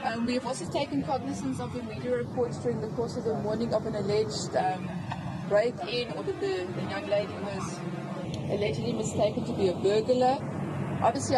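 A woman police spokesperson giving an outdoor press statement. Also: on the high side. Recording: distant, loud street noise.

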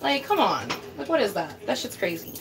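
A young woman chatting casually while she cooks for her vlog, loud, profane and dramatic, swinging between high outbursts and low mutters. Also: big pitch swings, fairly quick, gravelly. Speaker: vlogger. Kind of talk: casual cooking vlog chat.

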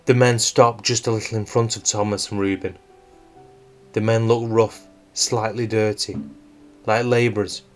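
Low-voiced man narrating a suspenseful tale. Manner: measured, suspenseful storytelling. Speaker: storyteller. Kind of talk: scripted true-crime narration. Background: faint guitar music.

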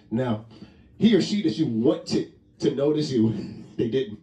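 A male vlogger with a warm, mid-range voice gives a casual comedic monologue from home, unhurried but animated. He rambles, jokes, laughs often and swears casually, and the distant mic makes the room sound roomy.

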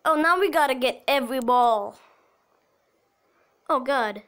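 A woman with a high voice narrates her phone game as she plays. She talks at an unhurried pace, muttering to herself, and bursts into cheers whenever something goes her way. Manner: excitable, talks to herself while playing, cheers at goals. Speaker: mobile game player. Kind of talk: casual gameplay commentary.

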